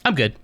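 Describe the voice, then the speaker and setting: Streaming live from his home office, a man chats casually with his viewers, drifting a bit as he talks. His voice is smooth, and he stays relaxed and rambling as he addresses chat.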